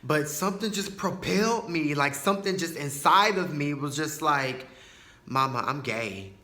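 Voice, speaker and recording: A man talks through a personal story on his podcast, loose and chatty with plenty of fillers and asides. His voice is bright and forceful. The room around him rings with echo. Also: a little high, normal speed. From Tyler, Texas. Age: 20s. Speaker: podcast host.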